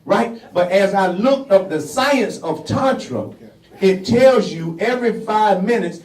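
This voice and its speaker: An older man with a Southern US accent doing a loud, animated stand-up comedy set at a café open mic, laughing along with the audience. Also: sits high, normal speed. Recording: roomy, distant, crowd noise.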